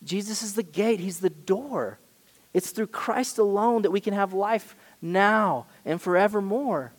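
Pastor, male, high-pitched, emphatic sermon delivery with big dynamic swings, reverberant hall sound. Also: unhurried. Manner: emphatic preaching with sharp swings in loudness.

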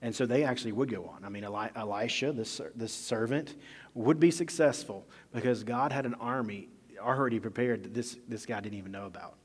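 A man preaching a sermon in a relaxed, conversational way, acting out scenes in casual slang. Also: medium pitch, brisk, husky, big-room sound. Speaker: pastor.

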